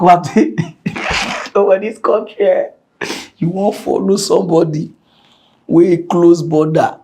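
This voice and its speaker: High-voiced Nigerian pidgin mock newsman. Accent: Nigerian Pidgin English. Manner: animated, jokey, shifts between whispers and shouts. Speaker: mock news host. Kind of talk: comic pidgin news commentary.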